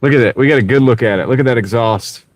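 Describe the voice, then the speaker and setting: A man's voice: mid-range voice, fast. Laid-back man chatting from his car. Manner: laid-back, answers chat by name, mutters over order offers. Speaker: delivery driver streaming live. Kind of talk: casual live-stream chat. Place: inside a car while driving. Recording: steady car road noise. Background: car engine and road noise.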